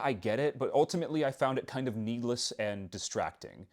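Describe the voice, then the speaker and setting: Young man, book-review host, casual monologue, wry and self-deprecating, very lively pitch, middle voice. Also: fairly quick, hardly any pauses.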